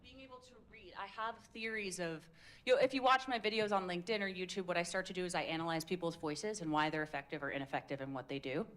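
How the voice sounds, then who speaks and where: A woman's voice: lowish voice, fast talker, a bit bright. Upbeat woman coaching a speaking workshop. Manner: upbeat, casual and demonstrative. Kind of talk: live workshop teaching. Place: indoor meetup room with a group. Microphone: handheld microphone.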